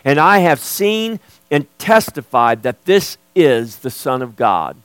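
A man's voice: mid-range voice, sing-song, slow, fairly bright tone, clean tone, dry recording. A man preaching an expository sermon as pastor, earnest and emphatic.

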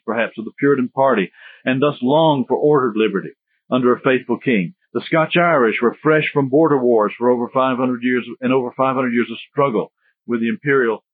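A man's voice: mid-range voice, breathy edge, no echo. A man giving a history lecture in a conversational, digressive way with joking asides. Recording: tinny phone-like dry sound.

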